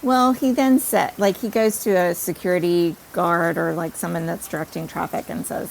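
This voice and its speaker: A woman podcast host telling a personal story in an animated, self-deprecating way. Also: fairly low pitch, normal speed, creaky, a little hiss or hum, rough recording.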